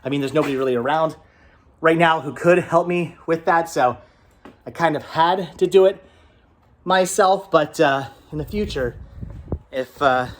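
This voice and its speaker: A man vlogs outdoors next to his van, rambling, repeating words and talking to himself while he works, his slightly high voice phlegmy and interrupted by a cough. He speaks at a moderate pace with long pauses, and the camera is set down nearby.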